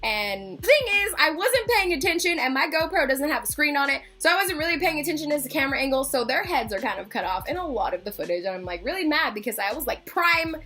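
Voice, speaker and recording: High-voiced chatty young woman vlogging. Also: lively intonation, quick pace, hardly any pauses, pushed and bright, faint music behind. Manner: chatty, swears freely, acts out quotes, laughs. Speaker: concert vlogger. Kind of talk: casual storytime vlog.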